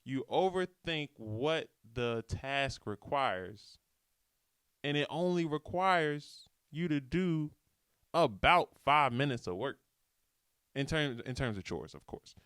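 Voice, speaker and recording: A man's voice: medium pitch, expressive, slow pace, a bit bright, clean tone, dry recording, studio quality. A young man hosting a casual motivational podcast alone, talking in a laid-back, slangy way into a microphone. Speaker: podcast host. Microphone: studio microphone.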